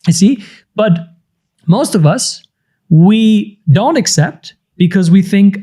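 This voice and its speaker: A man in his thirties, a business coach, explaining ideas in conversation and acting out inner voices with sudden high-pitched outbursts. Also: animated, slow, warm tone, slightly rough.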